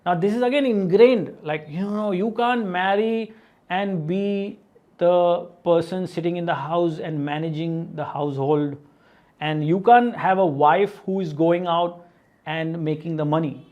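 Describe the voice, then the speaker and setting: A man's voice: high-pitched, a little slow, muffled recording. A man hosting a self-help video, talking earnestly to the viewer and asking questions, with lots of "right?" and "you know". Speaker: motivational video host. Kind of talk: direct-to-camera self-help talk.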